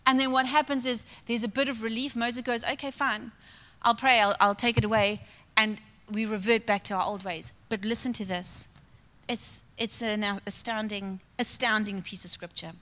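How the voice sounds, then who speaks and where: A woman's voice: a little high, steady tone, moderate pace, pushed and bright. A woman preaching a sermon, telling a story and acting out quoted dialogue. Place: church hall. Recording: long reverb of a large hall.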